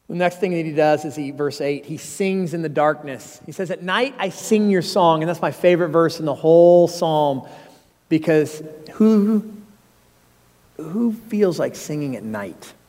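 A pastor, preaching a sermon with earnest, personal storytelling and emphatic rises. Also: male voice, on the high side, unhurried, warm tone. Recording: long hall reverb.

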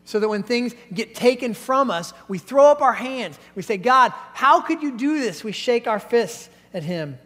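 A middle-aged male pastor with a notably high voice delivers a sermon in a large church hall whose sound rings with a long reverb. He tells stories with animation and slips into the voices of the people he quotes. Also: lively intonation, normal speed, few pauses, fairly bright tone.

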